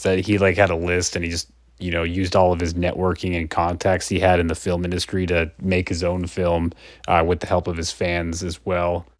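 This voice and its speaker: A man's voice: deep voice, a little mellow, no echo, studio quality. A man casually reviewing a film, rambling with many fillers.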